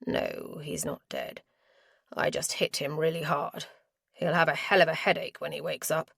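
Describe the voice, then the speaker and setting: A brooding nobleman, as a woman narrator puts him on, talks in a low, firm and persuasive voice. The reading is close and dry. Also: very animated, moderate pace, vocal fry, fairly bright tone, no room sound, heavily acted. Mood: tender. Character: brooding, protective aristocratic gentleman.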